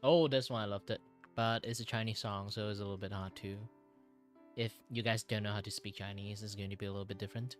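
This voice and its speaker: A young man with a Malaysian English accent leaning slightly British, chatting casually while drawing on stream. He is tired after long hours, laughs often and jumps into loud, high exclamations. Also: fairly even intonation, quick pace, faint music behind. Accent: Malaysian English with a slight British lean. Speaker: art streamer.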